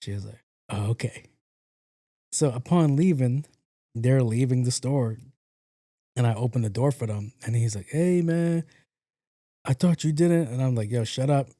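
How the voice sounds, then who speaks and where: A man tells a story on his podcast in a loose, conversational way and acts out other people's lines with some swearing. His voice is warm and mellow. The recording is dry and close, with no room sound. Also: medium pitch, moderate pace, long pauses, dry recording. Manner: animated, acts out quotes, profane. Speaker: podcast host. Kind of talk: casual storytelling monologue.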